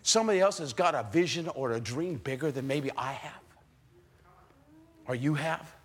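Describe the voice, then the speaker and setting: Give me an animated male pastor with a higher voice preaching a sermon. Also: normal speed, husky. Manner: animated, rhetorical questions to the congregation.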